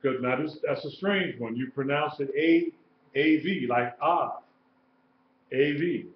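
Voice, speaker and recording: A man teaching a live-streamed lesson, slow and patient, repeating sounds and letters. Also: on the high side. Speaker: Hebrew teacher. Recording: roomy, dull live-stream audio with faint noise.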